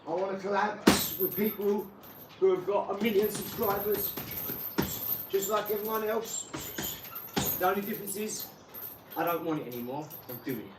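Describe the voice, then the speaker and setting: Speaking at a normal speed with long pauses, a high-voiced man hosting his channel delivers a casual, rambling vlog monologue. He's blunt, cursing and then saying sorry. The recording has echo, distance from the mic, and clear background noise.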